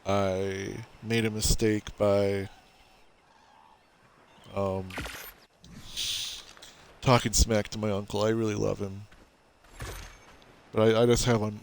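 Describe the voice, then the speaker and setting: A man's voice: fairly low pitch, gravelly. A man rambling through gameplay commentary in a mock-earnest, confessional way, cracking self-mocking jokes. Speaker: gameplay streamer. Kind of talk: rambling let's-play commentary.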